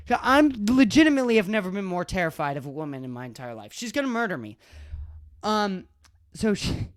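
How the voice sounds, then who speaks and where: A man hosting a solo podcast, casually telling a story with frequent laughter and halting restarts. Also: high-pitched, big pitch swings, no room sound, studio quality. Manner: amused, often breaks into laughter while retelling. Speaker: podcast host.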